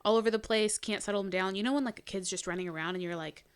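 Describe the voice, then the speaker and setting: Young mom podcast cohost, chatty, says like a lot, everyday pitch. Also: female voice, rapid-fire, clean tone. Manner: chatty, lots of "like" and "um". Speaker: podcast co-host, mother. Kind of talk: casual chat.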